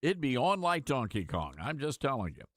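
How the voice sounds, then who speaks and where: A male talk radio host giving sarcastic, animated commentary with mocking asides. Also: mid-range voice, normal speed, dry recording, studio quality.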